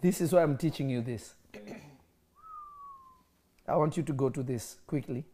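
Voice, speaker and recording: Low, mellow woman preaching Bible lessons. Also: normal speed, a little hiss or hum. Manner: emphatic, questioning listeners, laughing often. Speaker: preacher teaching scripture. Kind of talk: interactive Bible teaching.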